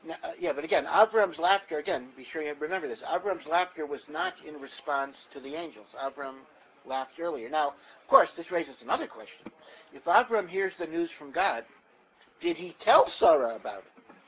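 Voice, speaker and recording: An older man leading a Torah class, telling stories in a lively way and often repeating himself. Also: fairly high pitch, normal speed, husky, muffled recording. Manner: animated storyteller, repeats himself. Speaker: Torah teacher. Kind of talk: lecture-style Torah class.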